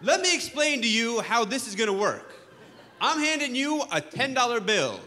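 A man's voice: extremely high pitch, very animated, moderate pace, big-room sound, crowd noise. A man doing a stand-up comedy set on a club stage, ranting with exasperated sarcasm.

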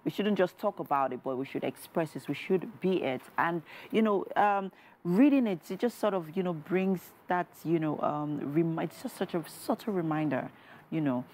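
A Nigerian woman hosting a TV studio interview, warm and encouraging, leaning on "you know" as she talks. Her voice sits low for a woman. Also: normal speed, slight background noise. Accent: Nigerian English. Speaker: TV show host.

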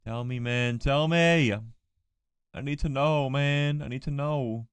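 Joking male streamer with a smooth, resonant voice and a dry, close sound. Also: medium pitch, fairly even intonation, normal speed, no echo. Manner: joking, teasing banter. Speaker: livestreamer. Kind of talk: casual livestream chat.

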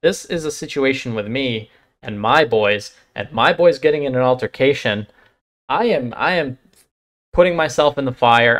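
A man's voice: medium pitch, a bit bright. Questioning man giving reaction commentary. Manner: reflective, asks a lot of questions. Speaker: channel host.

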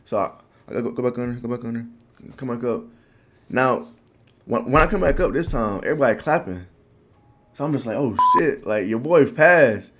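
A man in his twenties telling a personal story to the camera in a casual, animated, slangy way. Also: mid-range voice, brisk, pauses often, a little hiss or hum. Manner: animated, loose slangy talk full of "bro". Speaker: vlogger.

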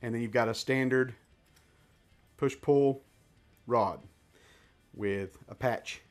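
A man's voice: mid-range voice, slow, faint music behind. A man reviewing gear in a casual hands-on demonstration, chatting and thinking aloud as he handles each part.

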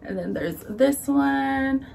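A woman's voice: high voice, expressive, slow, creaky, darkish tone, a little hiss or hum. A young woman chatting casually through a baby clothes haul, filling her talk with "like" and "um" and sounding a bit out of breath. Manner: chatty, lots of "like" and "um", shows items to camera. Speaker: vlogger. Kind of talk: casual haul video chat.

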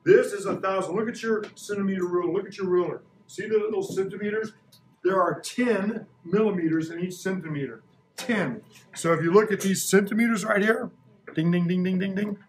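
A man's voice: sits high, a little fast, slight background noise. A man in his sixties teaching a science lesson to a class, playful and quizzing the kids. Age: 60s. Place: school classroom. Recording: echoey classroom from far off.

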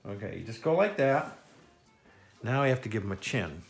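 A man's voice: fairly low pitch, very animated, moderate pace, vocal fry, soft background music. A man leading a kids' step-by-step drawing lesson, playful and jokey, with silly sound effects. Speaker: children's drawing instructor.

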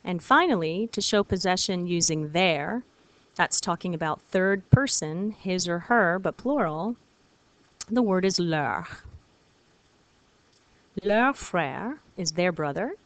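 A woman French teacher giving a recorded video lesson, patient and encouraging, repeating words slowly for her students. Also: on the low side, animated, dry recording.

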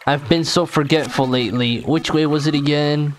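A man's voice: fairly high pitch, steady tone, normal speed, slight background noise, close to an everyday voice. A man reading as a bossy old cave guide. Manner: plain reading of game dialogue. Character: talkative older man guiding through a cave.

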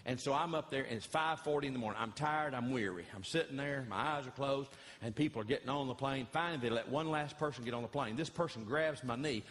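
A man, a comedian and pastor who tells animated, folksy stories and repeats phrases for effect. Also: medium pitch, quick pace, hardly any pauses. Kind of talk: stand-up comedy storytelling. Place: large church hall before an audience. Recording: reverberant hall, live audience.

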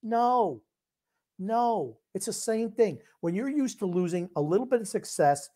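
A man's voice: high voice, animated, unhurried, warm tone. An older man co-hosting a casual sports podcast, blunt and opinionated. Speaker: podcast co-host.

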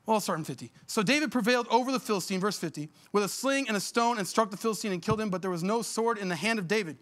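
High, bright-voiced fiery preacher man. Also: rapid-fire. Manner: fiery, emphatic preaching with rhetorical questions; blunt, folksy talk. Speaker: pastor. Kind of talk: sermon.

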